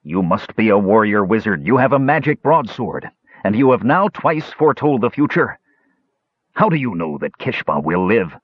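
A man plays a blustering, hot-tempered old elf fisherman for an audiobook, his voice pushed up high and loud. The delivery is husky and dry, with a slightly dull, lo-fi sound. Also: very animated, moderate pace, no echo. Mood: insistent. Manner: bellowing, threatening.

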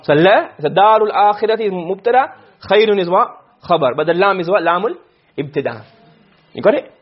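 A man lectures a class at speed, his voice high-pitched and a little husky. He keeps stopping to quiz his students. The recording is dull and low-fidelity. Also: animated, soft background music. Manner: quick, questioning students often, mixing Arabic terms. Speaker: teacher of Arabic rhetoric.

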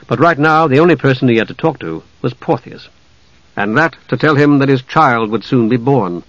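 A man reading a fantasy novel aloud in measured, scripted audiobook narration. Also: medium pitch, fairly bright tone, dry recording. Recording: dry, slightly dull audiobook recording.

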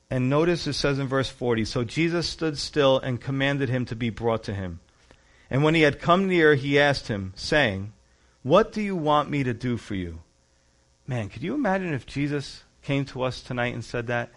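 A man's voice: on the high side, animated, moderate pace, fairly bright tone. Earnest male pastor preaching a sermon. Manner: earnest, conversational preaching with rising emphasis on key words.

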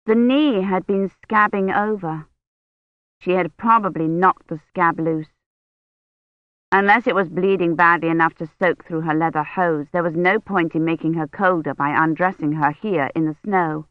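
A woman narrating an audiobook in a measured, even storytelling manner. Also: on the low side, no room sound, phone-quality sound. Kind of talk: scripted narration.

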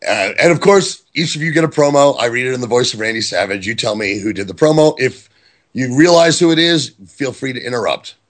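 Husky-voiced guy running a quiz on a podcast, jokey, voice goes all over the place. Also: mid-range voice, lively intonation, a little fast, a bit bright. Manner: playful, joking, reads names off a list. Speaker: quiz host.

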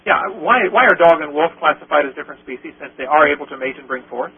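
A man's voice: a little high, quick pace, husky. A man hosting a call-in radio show, joking and telling anecdotes while he takes callers. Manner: jokey, tells anecdotes with put-on quoted voices. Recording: tinny phone-line sound with faint hiss.

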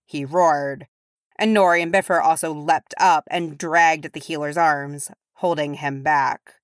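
A woman reading fan fiction aloud with steady, even narration. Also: low-pitched, a little slow, dry recording, studio quality. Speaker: audiobook reader.

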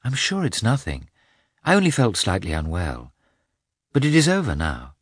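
A man reading a storybook, voicing a calm young wife who speaks softly and reassuringly. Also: lowish voice, moderate pace, breathy edge, no echo, studio quality, full character voice. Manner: soft, reassuring, hushed.

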